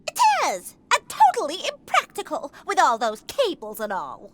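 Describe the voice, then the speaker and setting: A woman's voice: high-pitched, huge pitch swings, moderate pace, heavy background noise. A woman voicing a spoiled, demanding little girl in a video game, whiny and bossy. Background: game music.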